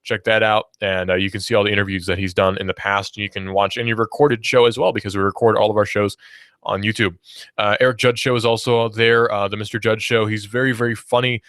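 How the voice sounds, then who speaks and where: A young man from Georgia hosts a radio talk show from a studio, his voice lowish, level and fairly bright, his pace brisk. The studio-mic sound is clean with no echo as he chats about the station lineup and reads news with self-deprecating asides.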